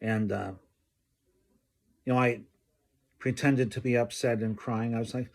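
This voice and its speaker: A man telling a personal story from his school days, slow and halting, often clearing his throat. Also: mid-range voice. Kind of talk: personal anecdote told slowly.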